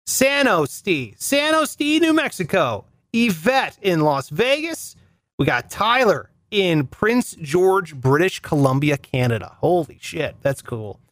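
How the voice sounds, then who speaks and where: A male podcast host with a naturally high voice, talking in a loose, chatty way as he thanks listeners. His pitch swings up and down a lot. The recording is close and dry, with no room sound. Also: sing-song, unhurried, no room sound. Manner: chatty, reading listener shout-outs. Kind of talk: casual podcast outro.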